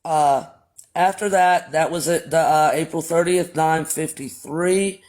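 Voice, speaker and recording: A man's voice: fairly high pitch, unhurried, darkish tone. A man hosting a livestream who tells a story in a casual, blunt, profane way and talks straight to his viewers. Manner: blunt and profane, addresses chat as y'all. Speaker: livestream host.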